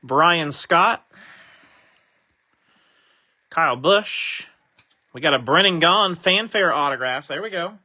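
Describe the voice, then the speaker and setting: A man's voice: fairly high pitch, lively intonation, slow, long pauses, sharp tone. A man hosting a live trading-card break, casually chatting while he reads out each card he pulls.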